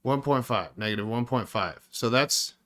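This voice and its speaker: Male indie dev streamer, sharp bright tone, profane and fed up, walks viewers through code. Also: mid-range voice, moderate pace. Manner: frustrated, swears constantly, talks to viewers. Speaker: indie game developer streaming. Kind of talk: live coding stream, thinking aloud.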